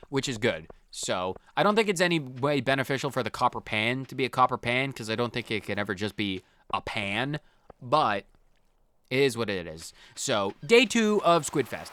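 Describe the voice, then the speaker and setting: A man hosting a let's play, giving rambling, animated commentary and often repeating himself. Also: mid-range voice. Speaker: gaming channel host.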